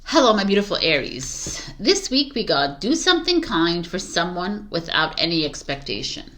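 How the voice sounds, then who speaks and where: A woman's voice: fairly low pitch, big pitch swings, moderate pace, pushed and bright. A woman giving a casual, chatty tarot reading to camera, giggling often and using many fillers, with a morning voice. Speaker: tarot reader.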